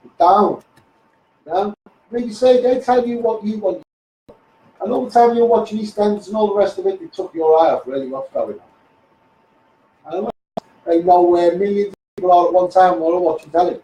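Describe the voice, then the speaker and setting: An English livestreamer from the Liverpool way, with a high, warm voice, rants bluntly at a moderate pace, leaving long pauses in his rambling monologue. He calls everyone "mate" and keeps saying "you know what I mean," recorded via a phone livestream that sounds roomy and distant, with faint noise.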